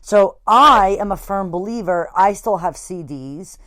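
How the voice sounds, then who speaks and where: A woman's voice: mid-range voice, measured pace, a bit bright, dry recording. A woman hosting a casual band interview, rambling along with lots of fillers like "like" and "you know.". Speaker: podcast host interviewing a band.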